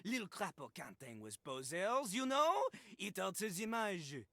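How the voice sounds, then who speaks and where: A man's voice: high-pitched, big pitch swings, measured pace, creaky, sharp tone, dry recording, heavily acted. An actor voicing a cocky male toilet rapper, who boasts and talks about himself in the third person. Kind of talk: video game voice acting, rapping over a beat. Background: game music.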